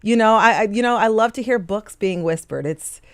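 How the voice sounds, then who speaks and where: A woman co-hosting a public radio talk show in casual chat, agreeable and quick to laugh. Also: mid-range voice, dry recording, clean studio sound. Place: radio studio.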